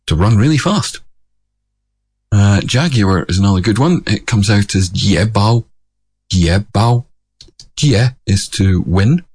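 Male explainer, very low and unhurried, husky, wry and measured. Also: darkish tone. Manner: measured, self-correcting, slightly wry. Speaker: language explainer. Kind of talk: casual explanatory talk.

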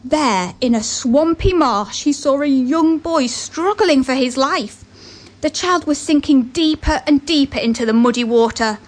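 A woman's voice: sits high, unhurried. A woman giving an earnest motivational talk and telling a story, with chatty asides.

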